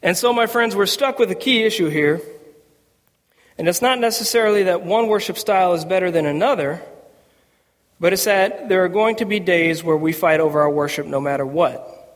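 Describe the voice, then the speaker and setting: With a high-sitting voice at a moderate pace, this male pastor preaches to a congregation in a relaxed, humorous way. The recording, made in a church sanctuary, carries the long echo of the hall.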